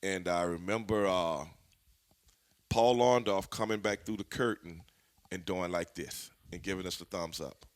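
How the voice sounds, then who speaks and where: A man, a former pro wrestler, telling backstage stories in a casual interview, animated and full of profanity. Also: low-pitched, a little slow. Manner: animated, profane, laughing storyteller.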